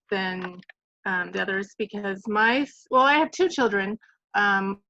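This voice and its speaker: A woman speaking as a parent guide on a video call, her voice carrying some fry. She pauses often and fills gaps with hesitations. The audio is dry and muffled. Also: medium pitch, sharp tone, no echo. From Arizona, USA. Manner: hesitant, many fillers. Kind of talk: online meeting introduction.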